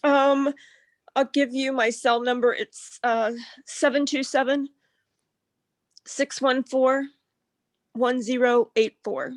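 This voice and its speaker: A woman speaks through a dry video-call connection, her words halting and effusive. She sounds emotional and grateful. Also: high-pitched, fairly even intonation, dry recording. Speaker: webinar participant. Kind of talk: casual chat.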